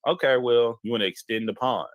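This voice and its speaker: A man, telling a personal story in casual talk, animated and repeating himself as he goes. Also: mid-range voice, fairly quick, no room sound. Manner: animated, repeats himself, jumps into quoted voices. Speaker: podcast host telling a story.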